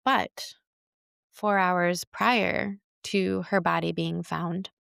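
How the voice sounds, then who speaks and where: A woman hosts a podcast, retelling a crime story in loose, conversational chat. Her voice sits on the lower side with a gravelly, fry-tinged edge. The recording is dry and close, with no room around her. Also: no room sound. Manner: chatty, with frequent fillers and quoted asides. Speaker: podcast host. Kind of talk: casual true-crime storytelling.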